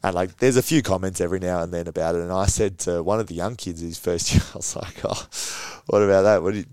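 This young Australian footballer, a guest on a casual podcast, has a low, darkish voice and talks at a quick pace with no echo. He tells stories in an easygoing way, laughing often and using plenty of fillers.

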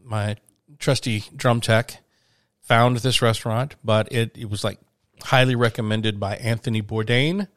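A man's voice: mid-range voice, fairly even intonation, a little slow, no room sound, studio quality. A man telling travel stories in a casual podcast chat, rambling with lots of restarts and fillers. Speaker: podcast host, touring musician.

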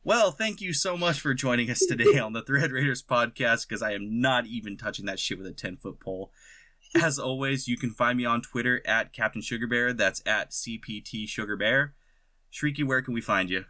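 A man hosting a podcast in casual banter, sarcastic and quick to argue, swearing now and then. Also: mid-range voice, pushed and bright. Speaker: podcast host. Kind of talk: casual chat.

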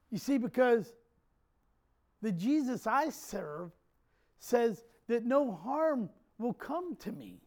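A male pastor preaching a sermon to his church, animated, swinging from quiet jokey asides to loud shouts. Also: very high voice, slow.

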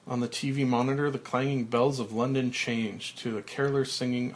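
Reading stage directions from a screenplay, a podcaster speaks in a slow, flat way. He has a medium-pitched male voice.

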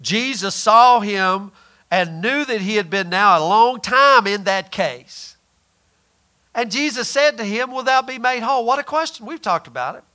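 A man gives a sermon in a high, animated voice that comes across pushed and bright. He raises questions for the listeners, answers them himself, and slows certain phrases into a drawl for emphasis.

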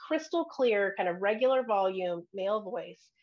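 A woman telling a personal story in a chatty, excitable way, giggly at times. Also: medium pitch, moderate pace, dull audio. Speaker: member asking questions. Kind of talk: casual chat.

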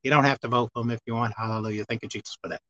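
A woman pastor preaching a sermon, dropping to low asides and rising to loud shouted exhortation, reading scripture slowly and deliberately. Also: steady tone. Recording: slightly dull, dry recording.

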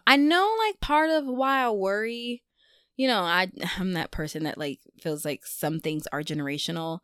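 Animated young woman chatting. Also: mid-range voice, clear, resonant tone, no room sound, clean studio sound. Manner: animated, self-deprecating, laughs often. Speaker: vlogger. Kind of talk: casual confessional chat.

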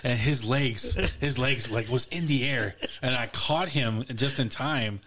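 A man's voice: medium pitch, a little slow, fairly bright tone. A man co-hosting a casual podcast, telling stories in a loose, rambling way full of fillers. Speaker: podcast co-host. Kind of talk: casual chat.

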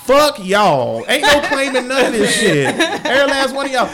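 Male podcast host, higher voice, loud animated storyteller. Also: moderate pace, a crowd in the background. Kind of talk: casual group chat.

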